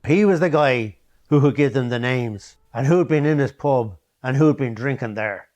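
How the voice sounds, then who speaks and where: Guy narrating a documentary, measured and steady, normal pitch. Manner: measured, phrase-by-phrase telling.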